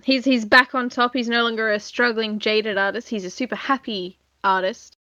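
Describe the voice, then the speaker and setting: A woman with a bright, slightly high voice, chatting loosely through a film's plot with plenty of fillers. The recording is dry and a little dull, as if the mic were lo-fi. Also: normal speed, dry recording. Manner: relaxed, chatty, retells plots with filler words. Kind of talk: casual film review chat.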